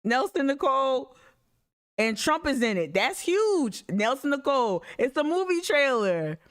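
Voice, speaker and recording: A woman chats casually on a live stream, reacting with animated energy and addressing her audience directly. Her voice sits somewhat high. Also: measured pace. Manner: animated, laughing, talks straight to viewers. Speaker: livestream host. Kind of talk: casual livestream commentary.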